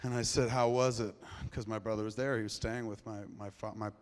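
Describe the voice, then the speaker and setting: A middle-aged man telling a personal story live on stage, profane and rambling, his voice dropping to a hush and then rising loud. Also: fairly low pitch, level tone, quick pace. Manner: profane, rambling, swings between hushed and loud. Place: large theater before a live audience. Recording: long reverb of a large hall.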